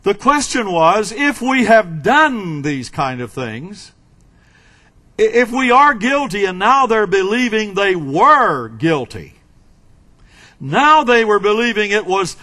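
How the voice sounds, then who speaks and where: A man preaches slowly and with weight, rising and dropping dramatically. His voice sits high and bright, with a very lively melody that swoops across each line. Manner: slow, emphatic preaching with dramatic swings in pitch and loudness. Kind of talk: sermon.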